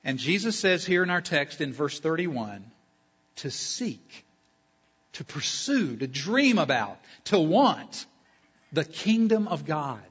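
A fairly high, husky male voice delivering a sermon at a church service. He is emphatic, stacks up long lists and slows down to stress key phrases. The recording is dull and lo-fi. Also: very animated, fairly bright tone. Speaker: pastor.

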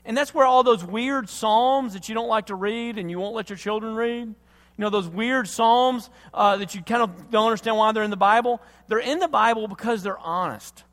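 A man's voice: high voice, normal speed. Impassioned preacher man in a reverberant hall. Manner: impassioned, swings from loud emphasis to hushed tenderness. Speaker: pastor. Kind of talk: sermon.

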